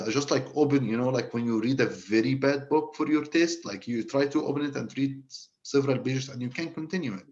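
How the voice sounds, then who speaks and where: A man's voice: mid-range voice, brisk, few pauses, darkish tone, highs cut off. A man from Egypt with an Egyptian Arabic accent, speaking English as a panel guest. He tells a story casually, often restarting and repeating words.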